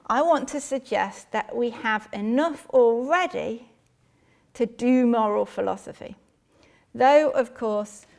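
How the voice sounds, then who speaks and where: A woman giving a measured academic philosophy lecture in a lecture hall. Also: on the high side, vocal fry, a little mellow. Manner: measured, reads out quotations.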